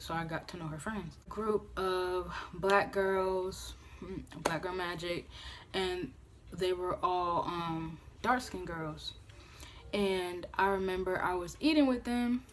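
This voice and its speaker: A woman in her twenties telling a personal story on a phone-camera vlog, casual and animated, swearing freely and acting out what others said. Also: fairly low pitch, slight background noise. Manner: animated, profane, acts out quoted voices. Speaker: vlogger.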